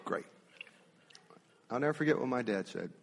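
A man preaching a sermon, telling a personal story with emphatic, drawn-out phrasing. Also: medium pitch, animated, gravelly, long reverb tail, some chatter behind, slight background noise.

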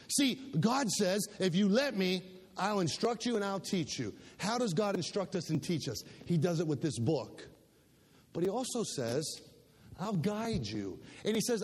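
A man preaching a sermon as pastor, emphatic, swinging between loud passages and soft ones and repeating words as he builds. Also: sits high, husky. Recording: long hall reverb.

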